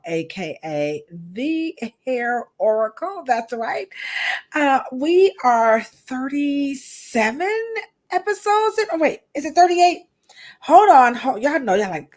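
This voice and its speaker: A woman in her thirties hosts a live podcast in a loose, playful way, greeting viewers in the chat by name. Her voice sits a little on the high side. She keeps the chat casual and full of jokes. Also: big pitch swings, measured pace. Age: 30s. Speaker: podcast host.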